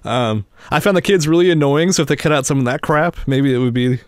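A man's voice: mid-range voice, brisk, clear, resonant tone, no echo. Chatty man reviewing a film, dry sound. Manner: chatty, giggles between points, reads trivia. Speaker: podcast co-host. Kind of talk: casual movie review chat.

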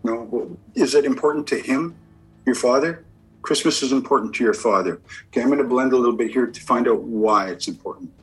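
A man's voice: mid-range voice, a little fast, fairly bright tone, husky, rough recording. A man working as a medium and giving a spirit reading. He asks a string of short yes-or-no questions and answers each reply with "okay, perfect.".

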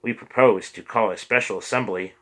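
Earnest low-voiced priest urging calm, as a guy reads him, bright forceful tone. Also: a little fast, rough recording. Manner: earnest, pleading. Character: earnest male priest, calm, pleading for peace. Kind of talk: audiobook character reading.

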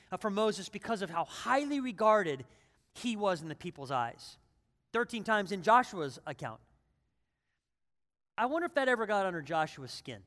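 A man's voice: high-pitched, fairly bright tone, in a large hall. A middle-aged male pastor giving a sermon in a conversational way that builds into emphatic, repeated phrases.

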